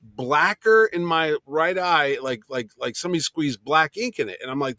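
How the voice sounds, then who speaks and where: A man's voice: fairly high pitch, lively intonation, normal speed, bright, forceful tone, dry recording, clean studio sound. A man co-hosting a casual talk show and telling a rambling story. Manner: chatty, rambling anecdotes. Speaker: podcast co-host. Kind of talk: casual chat.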